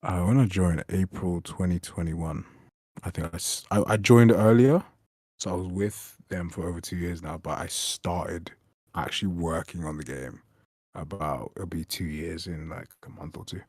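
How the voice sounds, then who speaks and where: A man's voice: sits low, normal speed, breathy edge, no room sound, clean studio sound. A young man, a game developer chatting casually on a stream, rambling and swearing as he tells stories. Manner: rambling, swearing, animated retelling. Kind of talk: casual chat.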